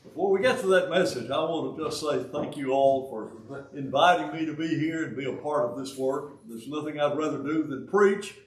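A Southern US man in his eighties from Alabama preaches a folksy sermon full of joking asides and halting restarts. His voice is slightly high for a man, and he is recorded from a distance in a roomy, echoing hall.

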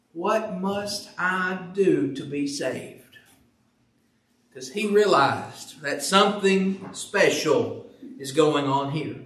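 A man with a high voice preaches a sermon, posing earnest rhetorical questions and reading scripture. He sounds set back from the microphone, and his voice rings around a church sanctuary. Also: a bit bright, distant mic. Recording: echoey room, voice from off the mic.

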